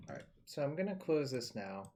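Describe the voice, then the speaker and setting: Male streamer, casual running talk over a card game, mid pitch, curses freely. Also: sing-song, brisk, mellow. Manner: loose and chatty, swears, thinks aloud. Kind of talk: casual live-stream commentary.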